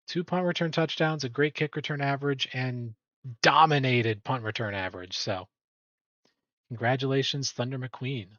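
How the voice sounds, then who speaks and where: A man's voice: medium pitch, normal speed, fairly bright tone, no echo. Man host for a league awards stream, rambling and chatty, slightly muffled dry audio. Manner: rambling, self-correcting, chatty. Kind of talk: casual awards commentary.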